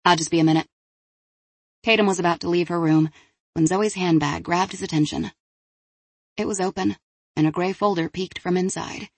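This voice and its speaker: A woman narrating an audiobook in a measured, even way. Her voice sits low and a little husky. The close microphone gives a dry sound. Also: no room sound. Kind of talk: scripted narration.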